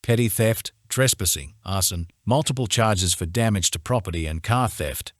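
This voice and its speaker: A man voicing a calm, casual young man who stays unfazed under questioning, in a romance audiobook. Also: fairly low pitch, normal speed, no room sound, studio quality, natural voice. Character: cool unbothered young man with a record.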